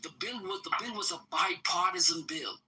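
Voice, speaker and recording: A man in a heated political argument in an online voice chat, taunting his opponent and telling him to calm down. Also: high voice, moderate pace, a little hiss or hum. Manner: taunting, keeps repeating "bro" and "relax". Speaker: participant in an online voice-chat debate.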